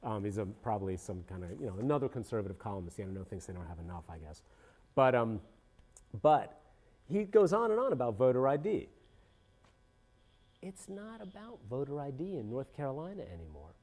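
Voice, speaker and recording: A man's voice: mid-range voice, fairly quick. A middle-aged man hosting a casual political commentary show. He rambles and keeps breaking off to restart his sentences. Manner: rambling, animated, self-interrupting with many restarts. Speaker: podcast host.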